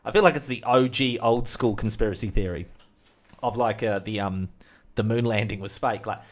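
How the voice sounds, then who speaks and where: A man's voice: fairly low pitch, normal speed. A man streaming on his own, rambling through a casual monologue with crude jokes, fillers and side remarks. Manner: crude, joking, full of fillers and asides.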